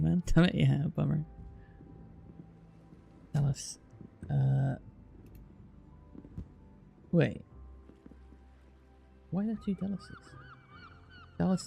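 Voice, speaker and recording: This is a British man on a live stream, easygoing and a little distracted as he reads place names and answers his chat. His voice is deeply gravelly with a dark, mellow tone. Faint music plays behind him. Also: huge pitch swings, takes it slowly, pauses often. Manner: reads place names aloud while chatting with viewers, swears casually.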